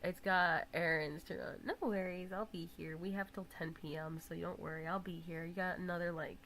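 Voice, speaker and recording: A woman's voice: lowish voice, steady tone, fairly quick, low-quality recording. Chatty young woman streamer, teasing. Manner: chatty, teasing, laughs loudly. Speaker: live streamer. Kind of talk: casual stream chat.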